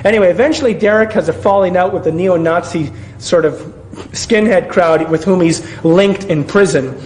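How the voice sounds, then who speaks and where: A man delivers a sarcastic running commentary on a film, often stumbling and restarting mid-sentence. His voice sits high for a man. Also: moderate pace, darkish tone, slight background noise, poor audio.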